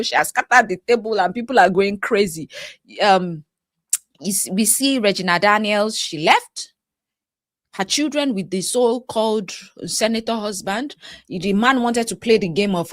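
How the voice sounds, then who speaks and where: Animated Nigerian woman, lively high voice. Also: dry recording, clean studio sound. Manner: animated and chatty, laughs often while she talks. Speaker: life coach and host. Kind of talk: reaction commentary.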